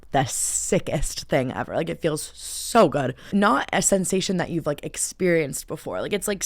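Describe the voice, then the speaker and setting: A young woman hosting her own show, telling stories in a loose, animated way with constant filler words and frequent swearing. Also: deep voice, no room sound, clean studio sound. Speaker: podcast host. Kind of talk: casual chat. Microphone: camera and close mic.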